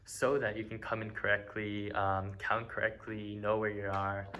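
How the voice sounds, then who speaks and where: A man's voice: lowish voice, little pitch movement, moderate pace, bright, forceful tone. Eighteen-year-old man giving a violin lesson. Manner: friendly, informal, many ums and uhs. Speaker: student violin teacher. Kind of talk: casual video lesson.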